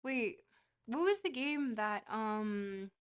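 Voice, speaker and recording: A woman's voice: on the high side, lively intonation, slow, smooth. A woman streamer talks her way through a geography guessing game in loose, casual chat. She rambles and jokes, with an easy habit of swearing.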